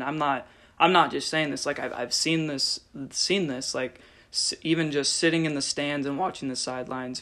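A man's voice: medium pitch, a bit bright. A young man hosting a casual interview podcast, rambling with many filler words as he asks questions. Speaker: podcast host.

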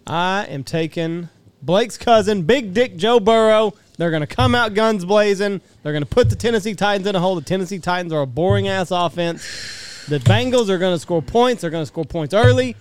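A man's voice: high voice, brisk, smooth, no room sound. A man on a casual sports podcast making confident, brash predictions. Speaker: podcast guest.

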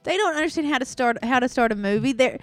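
Woman co-host, high animated voice, bawdy and loud, dry booth, faint music under it. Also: quick pace, no echo. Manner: loud, bawdy, laughing, drunk-sounding. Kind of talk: crude comedic banter.

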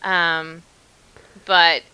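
Bright-voiced American woman telling stories. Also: lowish voice, flat delivery, drawn-out words, clear, resonant tone, rough recording. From Oregon, United States. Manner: chatty, laughs often, storytelling. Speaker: interview guest. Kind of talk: casual conversation.

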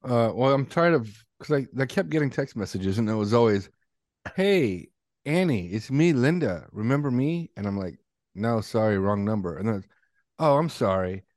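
A man co-hosting a podcast, telling a story in a deadpan way. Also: lowish voice, a little fast, no echo, clean studio sound. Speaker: podcast co-host. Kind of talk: casual storytelling.

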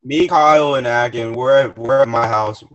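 A man's voice: medium pitch, moderate pace, muffled recording. Young guy rambling thru a story on a podcast, swears a lot, restarts sentences. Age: young adult. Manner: rambling, profane, restarts often. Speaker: podcast guest. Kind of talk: casual storytelling.

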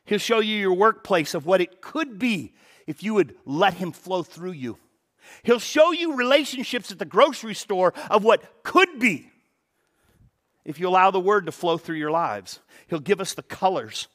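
Animated male pastor preaching. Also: high-pitched. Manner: animated, rhetorical questions, repeats words when starting sentences. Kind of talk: sermon.

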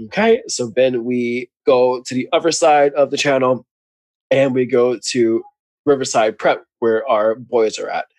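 A man talks casually as co-host of a recap podcast. He is chatty, laughs a lot and slips into voices to act out quotes. His voice sits at a middle pitch, recorded close and dry. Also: fairly even intonation, a little slow, darkish tone, no room sound.

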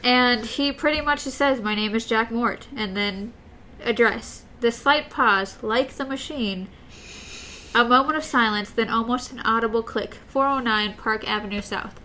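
A woman with a slightly high voice walks through a book's plot in relaxed conversation, slipping in quoted lines from the characters. A faint noise sits under the recording. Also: unhurried. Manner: recaps the plot, quoting characters. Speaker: podcast co-host. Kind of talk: casual book discussion.

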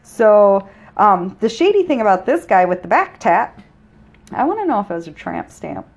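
A woman's voice: medium pitch, normal speed. Profane, joking woman co-host. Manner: profane, joking, animated storytelling. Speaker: podcast co-host. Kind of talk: casual true-crime chat.

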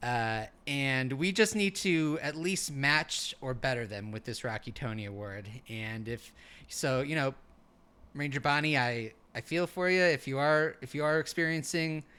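Comedic co-host, male, bright and crisp voice, halting improv delivery. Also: medium pitch. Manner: rambling, halting, full of fillers. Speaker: podcast co-host in character as a park ranger.

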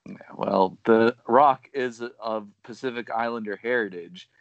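A man's voice: mid-range voice, a little slow, gravelly, no echo, dull audio. A man co-hosting a podcast, joking and playfully insistent in casual chat. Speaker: podcast co-host.

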